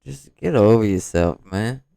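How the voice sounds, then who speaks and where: A man's voice: fairly low pitch, lively intonation, a little slow, gravelly, mellow, clear, resonant tone, no room sound. A man hosting a reaction video, commenting casually in street slang. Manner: casual, street slang, asks questions aloud.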